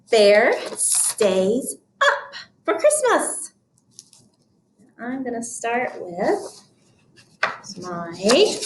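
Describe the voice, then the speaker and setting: A woman teacher reading a picture book aloud to children, explaining each step clearly and deliberately. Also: mid-range voice, echoey room, slight background noise. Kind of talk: read-aloud lesson for children.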